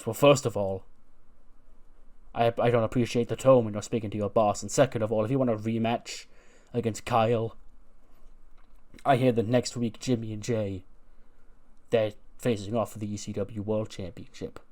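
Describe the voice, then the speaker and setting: Brief: man playing a condescending company boss, smug and measured. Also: fairly low pitch, steady tone, a little mellow, close to an everyday voice. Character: smug middle-aged male wrestling boss.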